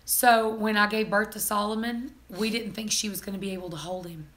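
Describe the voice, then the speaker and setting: Bright-voiced young woman vlogger. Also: mid-range voice, fairly quick. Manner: animated, laughing, mimics people in quotes. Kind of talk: casual storytelling chat.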